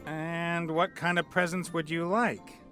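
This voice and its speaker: A man's voice: on the high side, flat delivery, unhurried, fairly bright tone. A man voicing a sly young adventurer posing as a hatter in a video game, teasing and mock-gallant. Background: game music.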